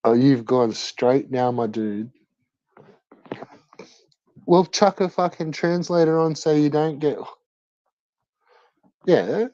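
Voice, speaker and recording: A man's voice: on the high side, slow pace, pauses often, warm tone, no echo, highs cut off. A man hosting a livestream, chatting casually and crudely, swearing constantly in slangy banter. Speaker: livestream host.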